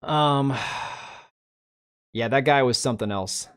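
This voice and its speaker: A man's voice: medium pitch, takes it slowly. Blunt, rambling man chatting on a livestream. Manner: rambling, blunt and opinionated, with frequent restarts and asides to chat. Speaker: livestream host. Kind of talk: casual livestream chat.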